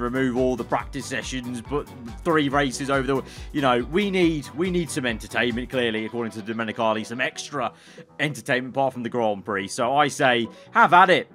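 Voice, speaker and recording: A man's voice: medium pitch, fairly bright tone. A young man chatting through memes in a casual, joking reaction commentary and laughing often. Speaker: F1 content creator.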